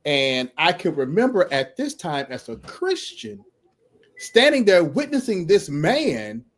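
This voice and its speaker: A middle-aged man telling his story with lots of energy. His voice sits a little high for a man. He laughs often and acts out the people in the tale. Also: a bit bright. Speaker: podcast guest telling his testimony. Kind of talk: animated storytelling.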